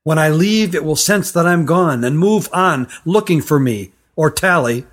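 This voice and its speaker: Brief: a man as a scared, urgent youth, hushed and pressing, fairly high voice. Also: expressive, measured pace. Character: frightened, urgent older boy on the run. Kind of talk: storybook reading.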